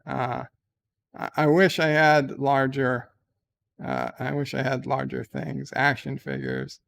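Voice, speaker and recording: A man's voice: mid-range voice, takes it slowly, creaky, a bit bright. A man chatting casually as the streamer, rambling and hesitant with many fillers. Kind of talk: casual chat.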